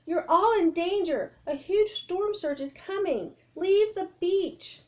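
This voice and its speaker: A woman reading aloud and voicing a bold young girl in a storybook, shouting urgent, insistent warnings. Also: very high-pitched, very animated, takes it slowly, pitched above the performer's own voice, full character voice.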